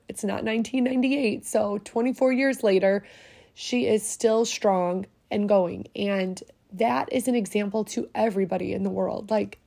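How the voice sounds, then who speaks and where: A woman's voice: a little high, creaky, mellow. A middle-aged woman hosting a podcast, speaking heartfelt and getting choked up as she pays tribute. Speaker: podcast host. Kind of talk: personal tribute monologue.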